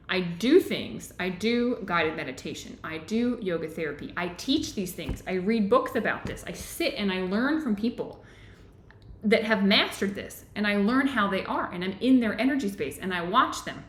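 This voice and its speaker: A woman's voice: mid-range voice, fairly bright tone, echoey room. A woman hosting a live online book club, reading from a book and explaining it in an earnest teaching voice, often checking in with "right?".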